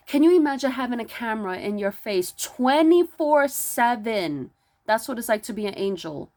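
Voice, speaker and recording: A fairly high-voiced woman preaching about spiritual self-work with mounting intensity. She restarts her words often and builds into loud, emphatic rhetorical questions, close to yelling. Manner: stammering restarts. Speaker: spiritual vlogger. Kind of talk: impassioned spiritual monologue.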